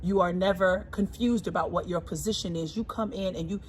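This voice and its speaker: A woman in her forties, talking casually and warmly about her husband, emphatic and repeating her points. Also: on the low side, brisk, a little hiss or hum. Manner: emphatic and repetitive, often repeating phrases. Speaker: co-host, singer. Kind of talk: casual heartfelt talk.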